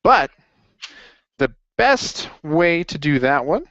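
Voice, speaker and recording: A man's voice: a little high, sing-song, takes it slowly, a bit bright, dry recording, highs cut off. A man running a casual accounting review session, upbeat and jokey as he encourages his students. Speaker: accounting tutor.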